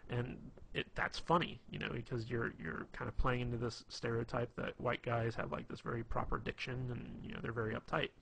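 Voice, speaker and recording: A man's voice: medium pitch, flat delivery, brisk, vocal fry, a bit bright, a little hiss or hum. A man giving casual, rambling advice on being funny, full of fillers and restarts. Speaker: dating advice presenter. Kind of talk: casual instructional talk.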